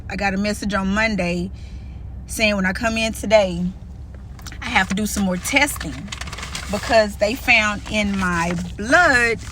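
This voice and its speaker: Bright-voiced woman chatting candidly. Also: medium pitch, slight background noise. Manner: candid and chatty, calls viewers "y'all". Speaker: vlogger. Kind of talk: casual vlog chat to viewers.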